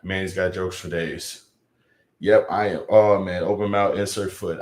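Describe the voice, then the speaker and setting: A man with a lowish voice talks casually on a live stream, rambling and poking fun at himself. The sound is roomy and echoey. He reads viewer comments aloud. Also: fairly even intonation, measured pace, darkish tone. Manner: rambling and self-mocking. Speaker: live streamer reading chat. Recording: echoey room.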